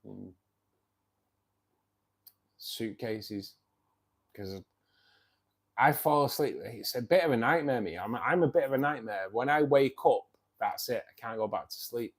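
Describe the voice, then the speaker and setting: A man's voice: mid-range voice, unhurried, long pauses, breathy edge. A man, tired and self-mocking, chatting casually and laughing often as host of a live stream. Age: 50s. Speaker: livestream host.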